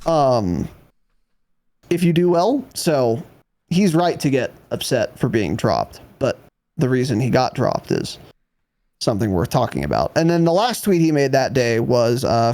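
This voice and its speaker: A man's voice: mid-range voice, big pitch swings, unhurried, a little mellow. A man co-hosting a gaming podcast, talking bluntly and sardonically in casual chat and swearing freely. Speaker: podcast co-host.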